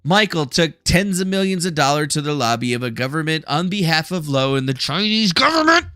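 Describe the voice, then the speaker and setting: A man's voice: a little high, lively intonation, brisk, fairly bright tone, clean tone, no room sound, clean studio sound, soft background music. A man hosting a casual livestream at home, reading news aloud and riffing on it sarcastically, swearing casually. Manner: reads news articles aloud and riffs on them. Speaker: livestream host.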